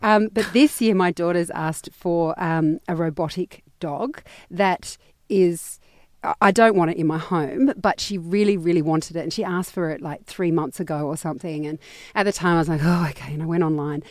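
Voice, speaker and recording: Lower-voiced Australian woman hosting. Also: no echo, studio quality. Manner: chatty, warmly encouraging, quick to laugh. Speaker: podcast host. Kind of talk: casual chat.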